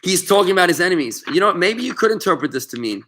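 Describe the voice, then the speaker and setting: Bright, emphatic rabbi teaching a class. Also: male voice, sits high, sing-song, fast talker, slight background noise. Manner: emphatic, passionate, addresses students by name. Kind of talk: interactive Torah lesson.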